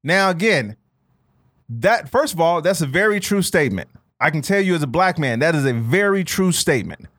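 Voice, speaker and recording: A man with a slightly high voice co-hosting a loose, profane podcast chat. He talks animatedly and keeps calling his co-host "bro". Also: moderate pace. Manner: animated, swearing, says "bro" often. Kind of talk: casual chat.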